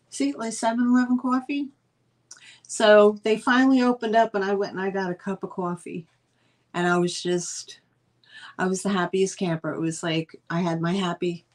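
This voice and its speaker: A woman's voice: lowish voice, a little mellow. Chatty woman hosting a live sale. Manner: chatty, rambling storyteller with frequent fillers. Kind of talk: casual live-stream chat.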